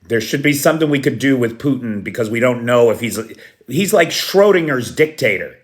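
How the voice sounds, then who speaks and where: A man's voice: mid-range voice, animated, a little fast. A man hosting a casual live stream, greeting viewers by name and chuckling at his own jokes. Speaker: livestream host. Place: Kyiv.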